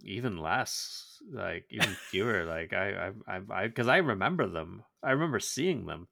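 A man's voice: on the low side, expressive, normal speed, vocal fry, pushed and bright, no echo, clean studio sound. A man co-hosting a podcast in casual chat, wry and self-deprecating, stumbling over repeated words as he thinks. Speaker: podcast co-host.

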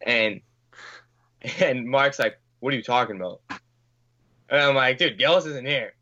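A man's voice: mid-range voice, measured pace, pushed and bright, dull audio. Male guest, casual storyteller; loose, filler-heavy, profane delivery. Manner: rambling, filler-heavy, swears, acts out quotes. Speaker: podcast guest.

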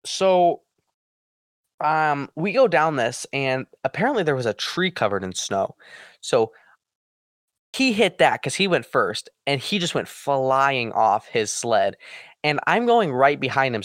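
A man telling a story in casual chat with friends, animated and acting out quoted lines. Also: a little slow, dry recording, clean studio sound. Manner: animated, acts out quotes with big pitch jumps. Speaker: podcast co-host.

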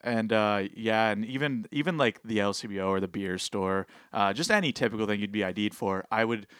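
A man's voice: fairly low pitch, fairly quick, fairly bright tone, clear, resonant tone, no echo, studio quality. A man in his twenties from Canada co-hosting a podcast, laid-back and agreeable in casual chat. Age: 20s. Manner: laid-back, agreeable, many short yeahs. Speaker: podcast co-host.

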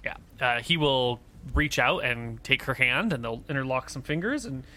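A man narrating as game master in a tabletop role-play, relaxed and filling pauses with "um". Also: medium pitch, slight background noise. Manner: relaxed narration with frequent fillers.

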